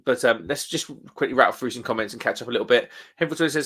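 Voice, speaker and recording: A man's voice: mid-range voice, lively intonation, a little fast, a bit bright. A man co-hosting a casual pub live stream, reading out viewer comments and laughing often. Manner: laughs often, reads comments aloud in a bouncy voice.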